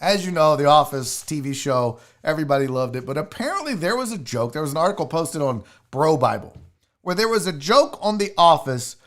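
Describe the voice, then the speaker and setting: A man's voice: on the high side, a bit bright. A man hosting a live comedy stream, ranting with profanity and disbelief while reading the chat aloud. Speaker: live show host.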